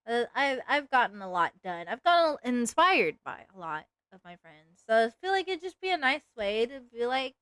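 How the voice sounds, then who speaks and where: A woman's voice: a little high, big pitch swings, moderate pace, few pauses, fairly bright tone, clear, resonant tone, no room sound. A woman streamer chatting casually while she draws, rambling along with lots of "like" fillers. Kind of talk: casual livestream chat while drawing.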